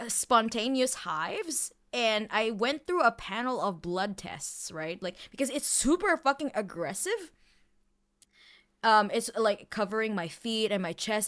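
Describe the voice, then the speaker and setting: A woman streamer talking casually to her audience with a bright, forceful voice. Her tone is smooth and crisp. She tells stories in an animated way, swears freely and leans on "like" as filler. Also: on the high side. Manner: animated storytelling, heavy swearing, lots of "like" fillers. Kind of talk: casual chat.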